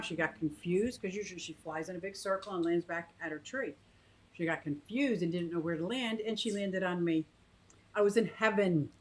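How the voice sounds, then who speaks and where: Woman in her fifties, fairly low voice, rambling casual talk, thinking aloud, lots of restarts. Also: poor audio. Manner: coos in a high sing-song to her pet bird. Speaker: aquarium vlogger. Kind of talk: casual chat to camera and live chat.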